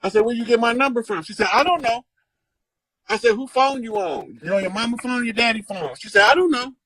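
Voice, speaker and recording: A man telling stories in a casual chat, animated and profane, acting out the people he quotes. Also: extremely high pitch, fast talker, low-quality recording. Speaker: guest storyteller. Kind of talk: casual storytelling.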